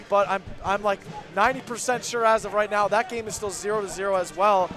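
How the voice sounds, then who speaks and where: Young male color commentator, high voice, excitable and chatty, faint music behind. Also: brisk, few pauses. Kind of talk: radio hockey color commentary. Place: arena broadcast booth.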